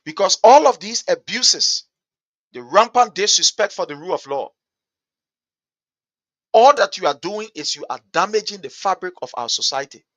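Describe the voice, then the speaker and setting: A man with a Liberian English accent, hosting a show with impassioned, repetitive political commentary that builds to shouting. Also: sits high, animated, moderate pace, long pauses, no echo. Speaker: talk show host.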